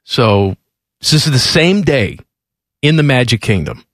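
A male radio host telling a story in a lively, emphatic, exasperated way in a studio. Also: medium pitch, measured pace, dry recording. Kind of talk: animated storytelling on talk radio.

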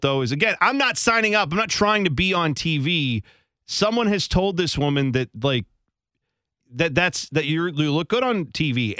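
Podcast guy rambling and hedging, bright lively voice, dry close sound. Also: fairly high pitch, no room sound. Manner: rambling, hedging, chuckles often. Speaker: podcast co-host. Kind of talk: casual chat.

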